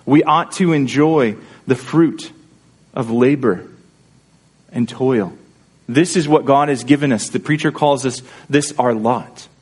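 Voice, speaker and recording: A man's voice: medium pitch, slow, a little mellow, slightly rough. A man pastor preaching a sermon in an earnest, conversational way, often checking in with his listeners through rhetorical questions.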